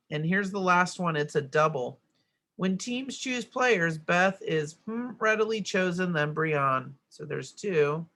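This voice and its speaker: Middle-aged woman going over grammar answers, gravelly voice, keeps asking "right?". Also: low voice, a bit bright. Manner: explains step by step, checks in with "right?". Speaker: teacher. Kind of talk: grammar worksheet lesson.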